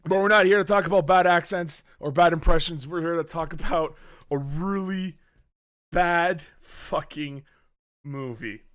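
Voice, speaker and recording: A man's voice: on the high side, unhurried, fairly bright tone. A man hosting a casual movie podcast, loose and joking with swearing and laughing asides. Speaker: podcast host.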